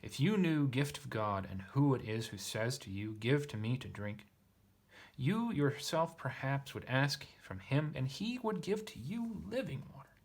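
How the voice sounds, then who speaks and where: A man's voice: medium pitch, very animated, measured pace, pitched above the performer's own voice. A man reading the words of Jesus from his own literal scripture translation. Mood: calm. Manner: read aloud as plain literal translation. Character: Jesus speaking calmly to a woman.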